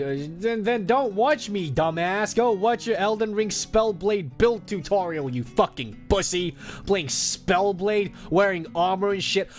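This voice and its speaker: A man streaming as a VTuber, chatting casually with crude jokes, trash talk and frequent laughter. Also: sits high. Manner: crude, joking, trash-talking chat, laughing often.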